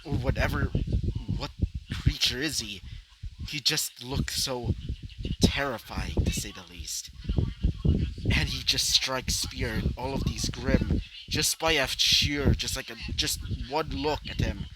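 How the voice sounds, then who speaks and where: A man's voice: mid-range voice, takes it slowly. Rambling young man narrating a fan story. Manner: rambling, many fillers and asides. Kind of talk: improvised fan fiction narration. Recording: loud background noise.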